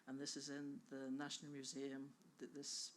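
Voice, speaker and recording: A woman's voice: very deep voice, completely flat delivery, moderate pace, a little hiss or hum. An Irish woman giving an enthusiastic, chatty conference presentation about a bog conservation project, often interrupting herself. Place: conference hall.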